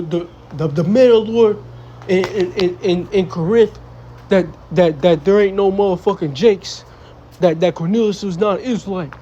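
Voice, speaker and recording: A young adult street preacher with a high, warm voice teaches scripture at a normal pace, bluntly and profanely. He quotes verses and mocks foolish people by putting on voices. The recording is muffled with a slight hiss or hum.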